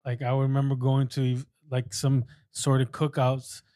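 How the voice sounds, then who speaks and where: A man's voice: medium pitch, completely flat delivery, normal speed, mellow, no room sound, studio quality. Attentive male podcast host. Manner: attentive, hesitant with fillers. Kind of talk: casual interview.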